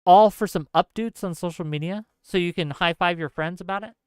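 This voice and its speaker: A man giving an impassioned political commentary monologue, earnest and lecturing, speaking straight to his audience in fast bursts with heavy repetition. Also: sits high, smooth, no room sound. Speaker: political streamer.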